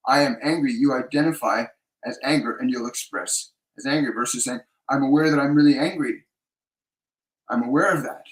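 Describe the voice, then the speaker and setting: A psychic medium hosting a live spiritual talk, answering viewer questions in a measured way and repeating key phrases for emphasis. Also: male voice, mid-range voice, roomy sound, poor audio.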